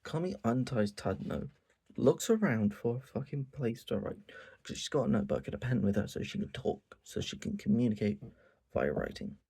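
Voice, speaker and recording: This man hosts his own channel and recaps a manga in a casual, animated way, swearing freely and acting out the characters' lines. His voice is dark and gravelly. His pitch swings widely as he talks. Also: normal speed. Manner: animated, swears a lot, acts out quotes. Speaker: channel host.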